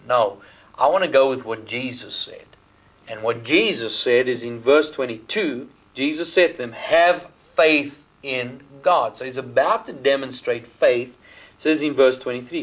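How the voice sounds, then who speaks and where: A man's voice: mid-range voice, a bit bright, low-quality recording. Emphatic Australian male preacher. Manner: emphatic, slows down to stress key words; talks the listener through marking up the Bible. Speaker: pastor. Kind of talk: sermon.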